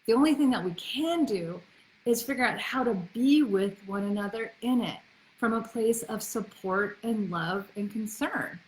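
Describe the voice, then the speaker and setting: A woman's voice: fairly high pitch, moderate pace, a little mellow, roomy sound, slight background noise. A woman in her forties giving earnest, conversational parenting advice as a coach, with frequent restarts and fillers. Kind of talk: casual advice talk to camera.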